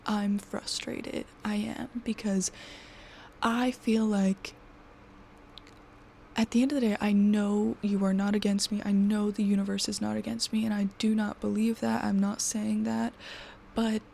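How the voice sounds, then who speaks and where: A woman in her twenties venting to her camera, frustrated and exhausted, swearing and often sinking into a breathy half-whisper. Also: mid-range voice, level tone, measured pace, darkish tone, a little hiss or hum. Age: 20s. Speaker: vlogger.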